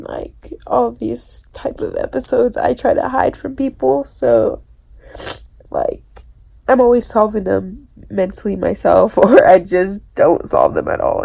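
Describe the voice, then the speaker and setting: A woman crying as she talks alone to her own camera, in a halting, hesitant confession broken by nervous laughs and swearing. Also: sits high, vocal fry, dark tone, breathy edge. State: tearful, crying. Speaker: vlogger. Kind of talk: confessional self-recorded monologue. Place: alone indoors. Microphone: self-filmed camera.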